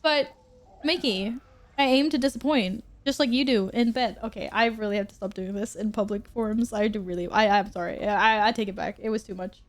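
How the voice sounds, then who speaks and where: A young woman chatting casually on a game stream, joking and rambling with quick self-corrections. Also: mid-range voice. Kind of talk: casual live-stream chat while gaming.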